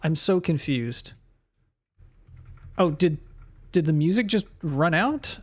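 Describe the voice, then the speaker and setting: Dude streaming old games, slow and puzzled, game music faint behind. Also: male voice, fairly high pitch, animated. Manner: bemused, rambling reactions with frequent laughs and self-questions. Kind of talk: live let's-play commentary.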